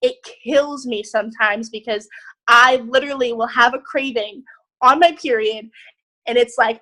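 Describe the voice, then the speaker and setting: A young woman leading a group on a video call, giving an excited, emphatic motivational talk with casual swearing. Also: fairly high pitch, normal speed, low-quality recording. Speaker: group leader.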